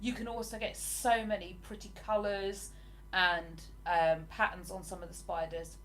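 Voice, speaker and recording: A woman's voice: lowish voice, level tone, moderate pace, slight background noise. An English woman in her forties, chatting casually with viewers on a livestream and answering their comments. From England. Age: 40s. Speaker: livestream host.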